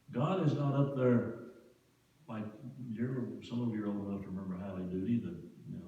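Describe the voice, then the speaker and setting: A man's voice: lowish voice, dark tone. A man preaching a sermon as pastor, in a folksy, conversational way with homespun asides. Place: church sanctuary. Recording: distant, echoey church sanctuary, dull sound.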